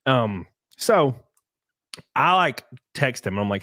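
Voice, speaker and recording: A man's voice: medium pitch, sing-song, slow, a bit bright, no room sound, studio quality. A young man in casual podcast chat, telling rambling stories, swearing and laughing often.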